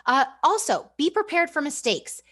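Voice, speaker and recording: This is a woman presenting a remote training session for fellow educators. She talks with lively energy and a conversational looseness. She keeps turning back to her audience with quick questions. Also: sits high. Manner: energetic and chatty, often asks "right?". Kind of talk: live online professional development presentation.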